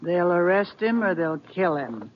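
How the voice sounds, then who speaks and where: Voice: medium pitch, big pitch swings, a little slow, a little hiss or hum. A performer playing a cantankerous old frontier grandmother in a 1950s radio drama, speaking in grim warnings. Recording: dull old radio broadcast.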